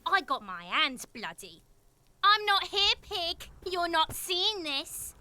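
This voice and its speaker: A woman's voice: very high voice, big pitch swings, slow pace, crowd noise, heavily acted. A woman voicing a foul-mouthed, defiant street kid who taunts the police in a game dub. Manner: swearing, taunting, tough-talking.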